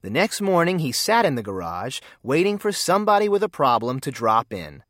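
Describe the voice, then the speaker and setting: A storyteller reading a children's mystery aloud with expressive storybook delivery. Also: mid-range voice, fairly quick, no echo, studio quality. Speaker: narrator.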